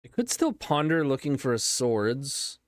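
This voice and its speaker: Casting: male streamer, smooth voice, unhurried delivery, casual running game commentary. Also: medium pitch, big pitch swings, no echo, studio quality. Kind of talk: live card game commentary.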